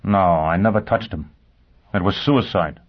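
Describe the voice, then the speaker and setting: A man voicing a vengeful, driven man who questions with calm ferocity. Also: sits low, a little slow, highs cut off. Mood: grim. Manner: cold, intense interrogation.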